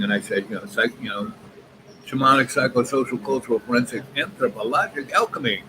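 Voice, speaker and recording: A man in his seventies rambles through a long personal story packed with asides, speaking fairly quickly in a medium-pitched voice. There's noisy ambience in the background of the recording.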